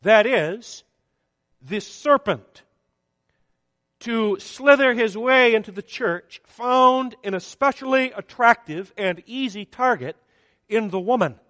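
A man delivers a sermon in a high, lifted voice. His preaching is measured and emphatic, rising and falling on the words that matter. The sound is close and dry, yet a long reverb hangs in the church hall. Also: animated, bright, forceful tone.

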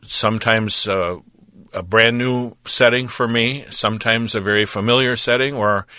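A man speaking as a ministry representative and Bible teacher in a radio interview, earnest and measured, with a preacher's cadence and frequent pauses. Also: medium pitch, fairly even intonation, bright, forceful tone, clear, resonant tone, no echo.

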